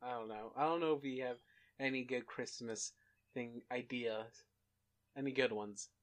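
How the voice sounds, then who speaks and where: A young man co-hosting a podcast, relaxed and hesitant, with lots of fillers. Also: medium pitch, normal speed. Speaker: podcast co-host. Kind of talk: casual chat.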